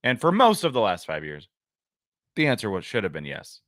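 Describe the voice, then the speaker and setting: Bright-voiced man on sports podcast. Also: fairly low pitch, huge pitch swings, fairly quick, no echo, studio quality. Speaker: podcast co-host. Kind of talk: casual sports talk.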